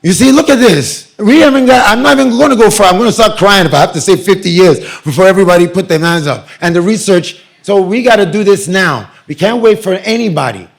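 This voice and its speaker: A man giving a lively, joking presentation to an audience at a community meeting. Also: sits high, quick pace, vocal fry, hardly any pauses. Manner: animated, joking, addresses crowd directly.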